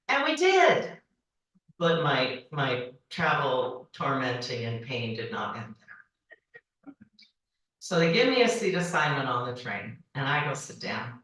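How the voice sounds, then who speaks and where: A woman in her forties tells a funny personal story to a banquet crowd, with a lot of rise and fall in her voice and a bright tone. She speaks slowly and puts on high voices for the people she quotes. The sound is roomy, as if picked up from a distance in a large hall. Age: 40s. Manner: animated, acts out dialogue with high-pitched quoted voices. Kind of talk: humorous personal storytelling speech. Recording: echoey hall, voice from far off.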